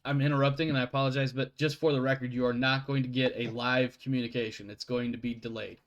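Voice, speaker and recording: A man's voice: medium pitch, level tone, quick pace, dull audio. A man running a tabletop game as game master, rambling and often stopping to apologize. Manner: rambling, self-interrupting, apologetic.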